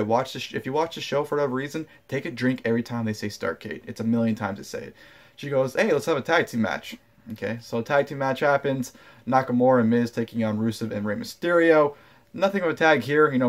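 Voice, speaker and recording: A man giving a casual, rambling review of a wrestling show, blunt and dismissive, with lots of fillers. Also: medium pitch.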